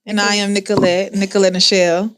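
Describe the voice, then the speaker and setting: A relaxed woman in her thirties from Houston chats as a guest on a podcast. Her mid-pitched voice sits close and dry on the mic. She talks easily and laughs often. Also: fairly quick, smooth, no room sound. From Houston, Texas. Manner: laid-back, laughs easily. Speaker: podcast guest, shoe designer. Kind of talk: casual chat.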